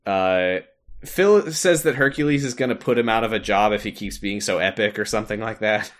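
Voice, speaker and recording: A man's voice: on the low side, a little fast. A man co-hosting a podcast, chatting casually about a video game, laughing often and acting out the characters' lines. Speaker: podcast co-host.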